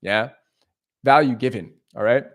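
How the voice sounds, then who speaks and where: A man's voice: medium pitch, measured pace. A man talking on a live stream, emphatic and full of swearing, with many repeats and restarts as he makes his point. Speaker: leasing agent and live streamer. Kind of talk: casual live stream monologue.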